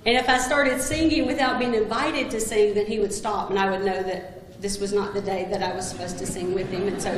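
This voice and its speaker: A woman's voice: mid-range voice, slight background noise. A woman giving a eulogy for a longtime coworker, telling humorous stories about him. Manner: humorous, anecdotal storytelling. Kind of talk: eulogy speech. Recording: very echoey hall with long reverb.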